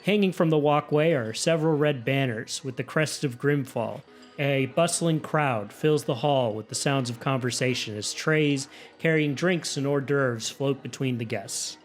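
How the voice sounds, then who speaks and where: A man's voice: medium pitch, moderate pace, soft background music. A man narrating a tabletop game as its game master, describing scenes with some fillers.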